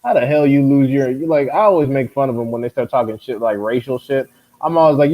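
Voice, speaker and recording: A man's voice: mid-range voice, quick pace, slight background noise. Blunt, mocking man, dull audio. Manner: blunt, mocking, rhetorical questions. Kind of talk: casual chat.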